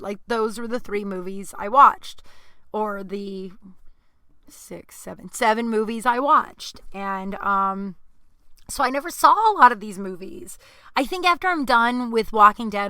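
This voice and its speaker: A young woman hosting her own podcast, chatting casually and rambling, jumping between loud outbursts and mumbled asides. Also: mid-range voice, clear, resonant tone, dry recording, studio quality. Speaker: podcast host. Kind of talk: casual solo chat.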